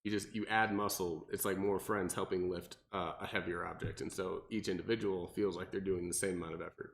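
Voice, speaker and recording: A man's voice: sits low, flat delivery, a little fast, creaky, a little hiss or hum. A man co-hosting a casual podcast chat about fitness, rambling with lots of fillers and restarts. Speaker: podcast co-host, personal trainer. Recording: roomy echo.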